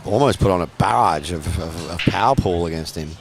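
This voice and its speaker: A man's voice: low-pitched, brisk, creaky. A man commentating live on a pool match, chatty and explaining the play to viewers.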